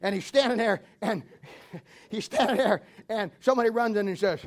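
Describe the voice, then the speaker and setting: A man's voice: high-pitched, normal speed. A man preaching a humorous sermon, telling stories in a folksy way, laughing at his own jokes and acting out voices.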